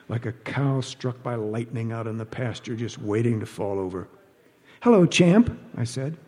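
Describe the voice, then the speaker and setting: A man reads a story aloud with dry, wry timing. His voice is husky and mellow. A long reverb trails off behind him as if in a hall. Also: mid-range voice. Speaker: narrator. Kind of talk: audiobook narration.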